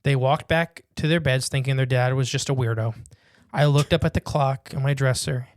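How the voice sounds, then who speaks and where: A man co-hosting a casual podcast, reading a listener's written story aloud and breaking in with quick jokes and asides. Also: medium pitch, fairly even intonation, dry recording, clean studio sound.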